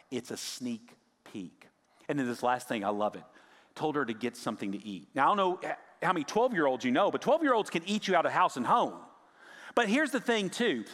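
A male pastor preaching a sermon, swinging from raised emphasis down to hushed, near-whispered lines. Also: mid-range voice, in a large hall.

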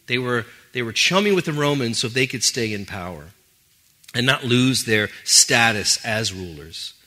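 Pastor guy preaching, super bright sharp tone, chatty and animated. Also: medium pitch, normal speed. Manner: conversational, animated asides. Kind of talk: sermon.

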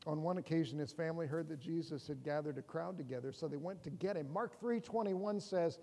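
A middle-aged man gives a sermon in a high, light voice that rings out through a large hall with a long reverb. He preaches in a relaxed, conversational way, mixing in humor and asking the congregation questions. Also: brisk, gravelly, hardly any pauses. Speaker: pastor.

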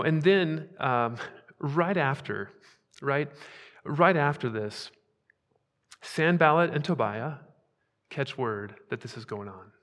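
A male pastor preaching a sermon, emphatic, swinging between hushed asides and loud, rising declarations. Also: medium pitch, long reverb tail.

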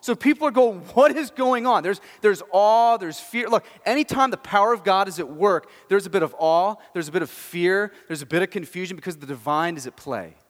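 A man's voice: sits high, brisk, hardly any pauses, in a large hall. A male pastor preaching a sermon, telling the story with emphasis and asking rhetorical questions.

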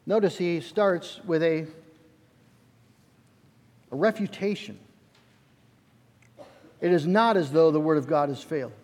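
A man's voice: fairly high pitch, measured pace, pauses often, darkish tone, in a large hall. A male pastor preaching a sermon in an earnest, emphatic way, often restarting his phrases.

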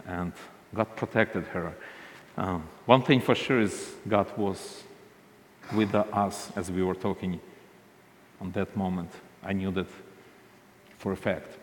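A man tells a ministry story, halting often and restarting his sentences. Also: deep voice, steady tone, in a large hall, a little hiss or hum. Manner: halting, frequent restarts and fillers. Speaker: ministry leader. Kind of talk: storytelling talk.

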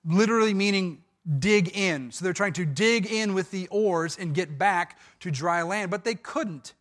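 Man, high voice, pastor, sermon, animated storytelling, self-corrections. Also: unhurried. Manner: animated storytelling with dramatized quotes.

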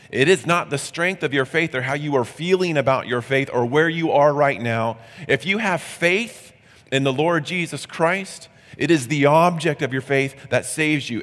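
A man's voice: mid-range voice, fairly bright tone, long reverb tail. A male pastor preaching a sermon in a conversational, earnest way.

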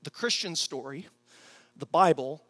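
Animated man preaching a sermon. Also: fairly high pitch. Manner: animated storytelling, acts out his own excited voice; prays softly and slowly. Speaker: pastor.

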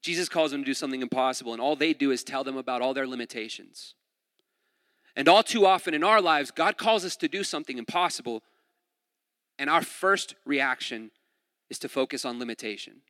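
A man preaching a sermon in a relaxed, conversational way, often saying "like" and repeating words. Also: mid-range voice, a little fast, no echo, clean studio sound, big-room sound. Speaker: pastor.

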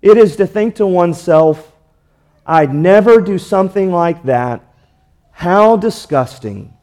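A man's voice: high-pitched, expressive, unhurried, a little mellow. A man preaching a sermon, earnest, asking rhetorical questions and drawing out key words for emphasis. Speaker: pastor.

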